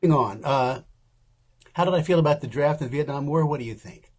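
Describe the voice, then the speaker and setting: A man's voice: fairly high pitch, brisk, darkish tone. A man in his seventies, an interview guest, telling candid stories in a wry, casual way and acting out the people he quotes.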